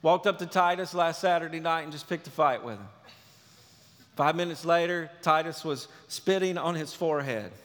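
A man preaching a sermon as pastor, telling the story in an animated, emphatic way. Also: a little high, moderate pace. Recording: reverberant hall.

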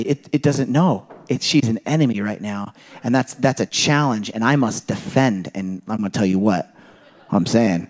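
A man preaching a sermon in a conversational, animated way, full of rhetorical questions and illustrations from his home life. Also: fairly low pitch, moderate pace. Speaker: pastor.

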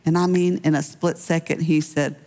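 Gravelly-voiced woman pastor in a reverberant hall. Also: low voice, little pitch movement, normal speed, dark tone. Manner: personal storytelling with light laughs. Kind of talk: conversational sermon.

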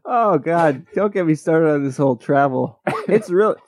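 A man's voice: fairly high pitch, lively intonation, moderate pace, darkish tone. A man co-hosting a podcast in casual chat, telling rambling stories that interrupt themselves. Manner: rambling, self-interrupting storyteller. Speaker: podcast co-host.

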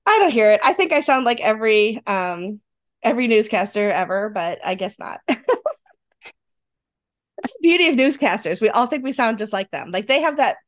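A woman's voice: on the high side, big pitch swings, normal speed. A middle-aged woman with a Western New York accent, co-hosting a podcast in casual chat and laughing often. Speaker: podcast co-host.

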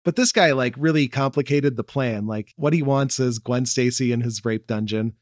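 A young man co-hosting a casual chat, laid-back and quick to laugh. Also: mid-range voice, no echo, studio quality. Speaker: podcast co-host.

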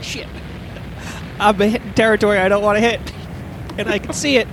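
A man's voice: high voice, steady tone, a little fast, background noise. A man improvising crude comedy bits, rambling and laughing at his own jokes.

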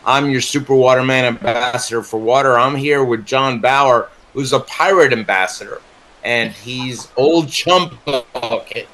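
A male talk show host speaks slowly, with a mid-range voice. He gropes for his words, trailing off and restarting often as he chats with his guest. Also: medium pitch, a bit bright, a little hiss or hum, rough recording. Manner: halting, many fillers and restarts. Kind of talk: casual interview chat.

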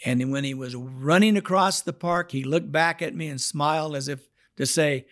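A man with a fairly high voice tells his testimony on a podcast. His delivery is dramatic, dropping to a hushed, prayerful murmur and then rising into loud outbursts. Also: normal speed, few pauses. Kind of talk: storytelling testimony.

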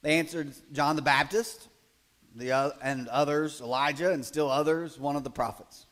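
A man preaching a sermon in a conversational way, building to loud, emphatic passages and acting out quoted voices. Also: fairly high pitch, steady tone, moderate pace. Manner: acts out quoted voices in asides. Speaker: pastor.

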